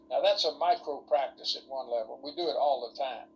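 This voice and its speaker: A man's voice: medium pitch, a little fast, few pauses, a little mellow, a little hiss or hum, poor audio. A man lecturing ministry students in an online workshop over a video call, folksy and rambling, full of rhetorical questions.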